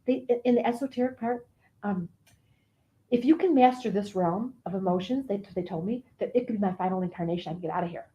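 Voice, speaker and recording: A woman's voice: mid-range voice, quick pace, mellow, lo-fi sound, voice pushed down, close to an everyday voice. A woman voicing a whiny, oversensitive woman who personifies the Cancer sign and talks in a melodramatic, self-pitying way. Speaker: comedic character performer. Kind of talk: improv comedy character.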